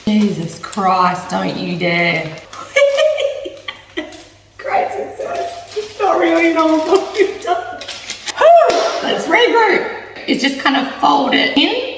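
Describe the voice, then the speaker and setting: A woman talks her way through baking a pie at home, chatty and self-mocking, laughing as she goes. Her voice sits high and swings widely in pitch. The kitchen rings with echo, and she stands some way off from the mic. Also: very animated, slow, a little hiss or hum. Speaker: cooking vlogger. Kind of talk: casual cooking vlog. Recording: echoey kitchen, mic at a distance.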